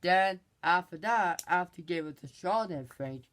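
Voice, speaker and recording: A movie reviewer casually recapping a film, rambling and halting, with many restarts and exasperated asides. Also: medium pitch, expressive, a bit bright.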